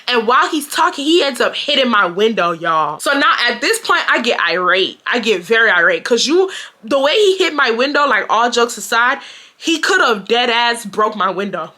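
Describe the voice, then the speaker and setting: A young woman from Houston tells a storytime to her viewers, talking straight to them and acting out what people said. Her voice sits a little high and sounds bright and forceful. She is blunt and slangy and swears freely. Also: moderate pace. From Houston, Texas, US. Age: 20s. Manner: animated, addresses viewers as "y'all", acts out quotes. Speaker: storytime vlogger.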